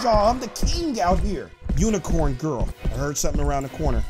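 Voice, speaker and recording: A man giving excited, playful gameplay commentary as a gaming YouTuber, teasing and laughing often. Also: on the high side, brisk, few pauses, loud music behind the voice.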